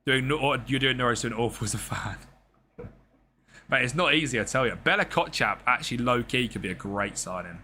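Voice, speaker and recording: A man's voice: medium pitch, lively intonation, brisk, bright, forceful tone, a little hiss or hum. A young man streaming a football management game, chatting casually with viewers and swearing freely. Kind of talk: live gameplay commentary.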